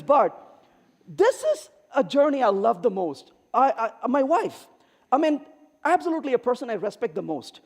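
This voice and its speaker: A man's voice: very high-pitched, moderate pace, breathy edge. A middle-aged man giving a humorous conference keynote, telling stories and acting out the lines of the people in them. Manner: animated, acts out quoted dialogue. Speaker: keynote speaker. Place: large conference hall. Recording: reverberant hall.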